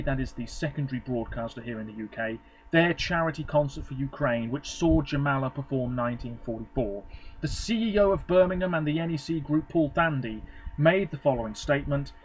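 A man's voice: a little high, a little hiss or hum, poor audio. A man vlogging, casually reading from web pages with rambling, offhand commentary and frequent self-corrections.

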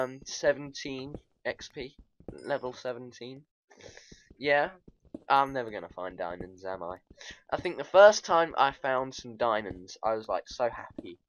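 A man's voice: mid-range voice, takes it slowly, no room sound. Guy rambling through his game, voice jumping all over, laughs a lot, kinda muffled lo-fi mic. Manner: rambling, excitable, giggly, talks to viewers. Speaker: gaming video host. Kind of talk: casual game commentary.

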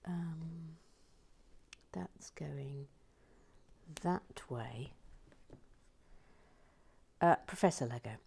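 Woman, host, half-whispered murmuring, unhurried delivery, lowish voice. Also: gravelly, darkish tone, slightly rough. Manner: murmurs half-whispered asides to herself, bursts into chirpy reading. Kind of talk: casual live-stream chat while building.

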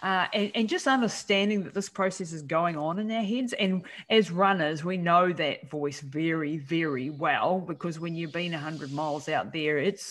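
A woman's voice: low-pitched, normal speed, few pauses, a bit bright. A woman hosting a podcast interview, affirming her guest and laughing often. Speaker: podcast host. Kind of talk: conversational interview.

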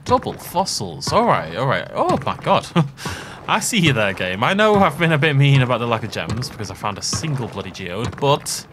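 A man's voice: medium pitch, big pitch swings, normal speed, over music. A man giving chatty let's play commentary, thinking aloud and laughing often as he plays. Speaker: gaming channel host.

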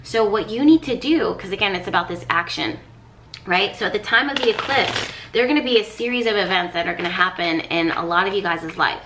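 A woman's voice: medium pitch, brisk, noisy background. A woman, a professional astrologer, giving a casual spoken astrology reading to her viewers in an earnest, coaching way, repeating phrases for emphasis. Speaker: astrologer and tarot reader.

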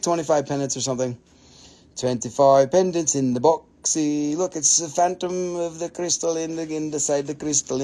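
A man hosting a live crystal sales stream, excitable and gushing, with casual swearing as he rattles off prices. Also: on the high side.

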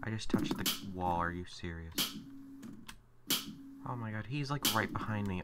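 A man's voice: lowish voice, animated, moderate pace, pauses often, heavy background noise. Exasperated man narrating his gameplay. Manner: exasperated, swearing, talking to himself. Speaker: gameplay commentator. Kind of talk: let's play commentary. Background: game music.

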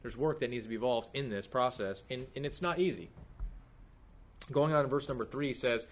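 A thirty-something pastor gives a casual, lively sermon in a church hall, questioning the congregation as he goes. His voice is mid-range and his pace a little quick.

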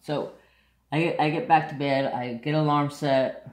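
A man's voice: fairly high pitch, steady tone, unhurried, reverberant. A man chatting casually to camera, telling a rambling story and sidetracking often, with blunt, offhand asides. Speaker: craft vlogger.

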